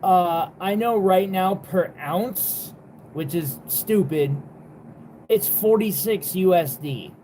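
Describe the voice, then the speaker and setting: A young adult selling jewelry on a live sale talks slowly in a warm, mid-range voice, with slight background noise present. It's a casual, rambling livestream chat, exasperated in tone, heavy on fillers and with the odd swear word.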